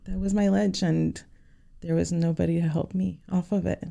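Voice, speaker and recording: A woman guest on a podcast, sharing a personal story in a sincere, halting way with many fillers. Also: fairly low pitch, level tone, gravelly, mellow.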